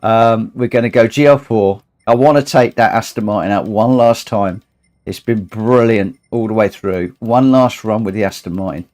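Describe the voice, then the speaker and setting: A man's voice: on the low side, normal speed, a little mellow. Tired, emotional man streaming. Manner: emotional, rambling, repeats himself. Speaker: livestream host. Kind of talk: casual livestream chat over gaming.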